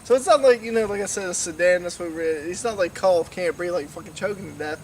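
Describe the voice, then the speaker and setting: Young man, drunk and rambling, profane; high voice, distant mic. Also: fast talker. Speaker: storyteller. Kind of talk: casual storytelling to camera. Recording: distant mic, faint noise.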